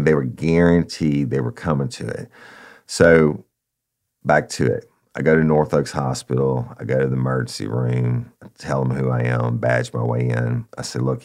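Man, middle-aged, very low gravelly voice, folksy and profane storyteller. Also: darkish tone. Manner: folksy and profane, addresses listeners as y'all. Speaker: podcast storyteller, former narcotics officer. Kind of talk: casual first-person storytelling.

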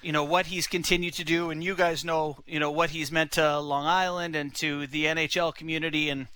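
Rambling young man, high bright voice, casual anecdote. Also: little pitch movement, fairly quick, clear, resonant tone, no echo, rough recording. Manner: rambling, lots of "you know" and "like". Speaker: son-in-law telling a story. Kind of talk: casual storytelling.

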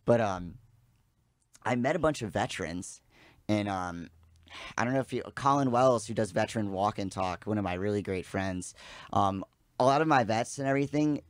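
A man in his thirties, a podcast guest, telling a rambling, animated story in casual chat and swearing freely. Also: on the low side, moderate pace, no room sound, studio quality.

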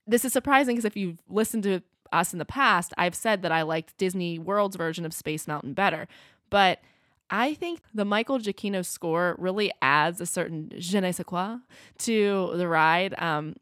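A woman co-hosting a podcast in casual chat, animated and self-deprecating. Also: lowish voice, no room sound, clean studio sound. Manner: animated and self-deprecating, laughs between phrases. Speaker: podcast co-host.

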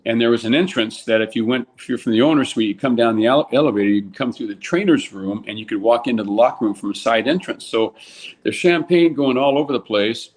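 Older ex-ballplayer guest, casual storyteller, mid-pitched, loose and animated with restarts. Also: male voice, fast. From California. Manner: animated anecdote teller, lots of restarts, voices people in quotes.

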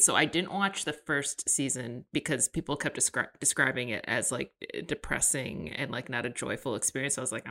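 A woman's voice: low voice, bright, forceful tone. A young adult woman joining a casual podcast as guest co-host, upbeat and giggly, often trailing off.

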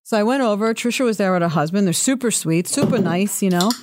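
A woman with a noticeable accent, co-hosting a radio show and telling a story in a lively way. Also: medium pitch, fast, slight background noise. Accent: non-native English. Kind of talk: storytelling chat.

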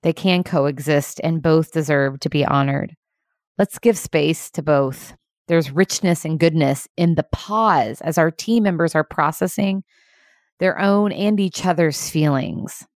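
Low-voiced woman giving an earnest leadership talk. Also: no room sound, clean studio sound. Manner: earnest, fast-paced and emphatic.

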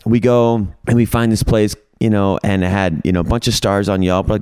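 Middle-aged man, deep-ish voice, playful raconteur, dry close mic. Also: brisk, few pauses, smooth, no echo. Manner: animated storyteller, quotes himself and others; humorous, coins playful words. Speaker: podcast guest. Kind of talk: storytelling in a casual group chat.

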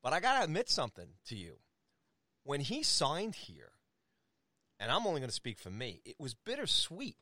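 A middle-aged man hosting a casual chat who speaks haltingly and searches for his words. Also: fairly high pitch, wildly swooping pitch, sharp tone, no room sound, clean studio sound. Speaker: host.

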